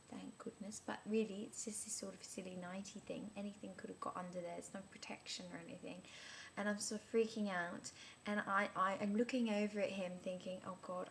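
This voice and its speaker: A woman's voice: mid-range voice, creaky, slight background noise, natural voice. A woman, playing a flustered amnesiac in a scripted character vlog, who rambles with many restarts. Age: 30s. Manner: rambling, breathless, many restarts and filler words. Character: flustered woman in her thirties with amnesia, chatty and bewildered.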